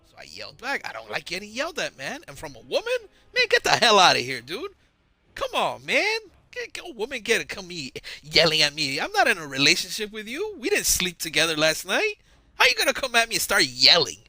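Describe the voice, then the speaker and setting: A man's voice: sits high, wildly swooping pitch, a little fast, bright, forceful tone. A man hosting his own channel, telling a story in a casual, slangy, rambling monologue on a close mic. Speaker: channel host. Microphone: close mic, audio-only recording.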